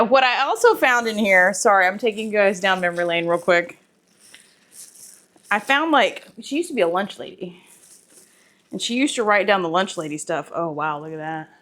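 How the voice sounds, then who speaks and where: A woman, chatting to camera as a home cooking vlogger, talkative and sentimental, her voice going soft when she is moved. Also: medium pitch. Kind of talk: casual talk to camera.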